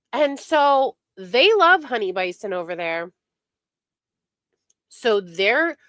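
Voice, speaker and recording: A woman's voice: medium pitch, lively intonation, slow pace, long pauses, a bit bright, dry recording. A woman streamer giving casual, indignant commentary on online drama, sarcastic and given to mocking imitations.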